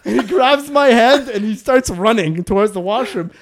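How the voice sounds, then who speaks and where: A man in casual podcast chat, telling a travel story with lots of acted-out moments and laughter. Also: moderate pace. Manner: animated, acts out scenes with rising pitch, laughs often.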